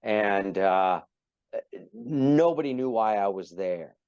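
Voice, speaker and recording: A middle-aged man telling a story as a guest in a casual interview, animated and acting out the people in it. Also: fairly low pitch, takes it slowly, clear, resonant tone, dry recording, muffled recording. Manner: animated, acts out voices in his anecdote. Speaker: podcast guest, actor.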